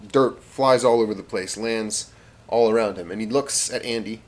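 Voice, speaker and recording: A man's voice: lowish voice, normal speed. A man casually telling a rambling comic story, with fillers and spoken sound effects.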